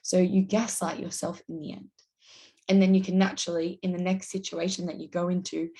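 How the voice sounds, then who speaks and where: A woman's voice: fairly low pitch, a little mellow. A woman giving casual, earnest advice straight to camera, acting out example lines as she explains. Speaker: YouTube host.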